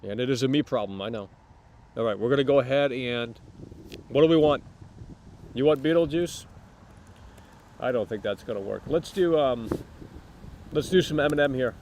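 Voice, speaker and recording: A man hosting a live stream, rambling to his chat with sudden loud bursts. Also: medium pitch, moderate pace, long pauses, a little hiss or hum.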